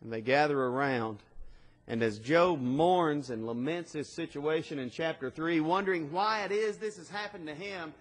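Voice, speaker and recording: A man preaching a sermon, swinging between loud emphatic lines and quiet passages. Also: a little high, normal speed. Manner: dynamic preaching with swings in loudness. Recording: long hall reverb.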